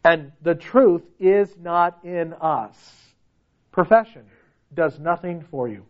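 A man's voice: takes it slowly, phone-quality sound. A man preaching a sermon with emphasis, asking the listeners question after question. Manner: emphatic, rhetorical questions, pitch swings widely.

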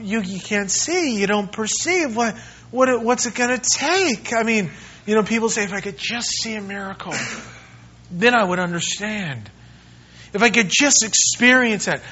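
Bright high-voiced preaching pastor, man. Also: highs cut off. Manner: animated preaching, acts out the disciples. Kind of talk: sermon. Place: church.

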